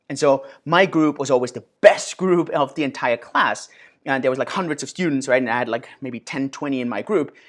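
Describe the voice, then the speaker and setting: A man in his thirties hosting a casual Q&A and answering viewer questions, animated, with many fillers and restarts. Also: on the high side. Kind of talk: casual Q&A monologue.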